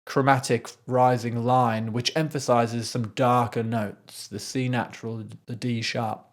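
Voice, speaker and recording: A man's voice: mid-range voice, little pitch movement, measured pace. A man, a composer, talking through a piece of music in casual commentary, thoughtful, with frequent restarts and sung rhythms. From Scotland.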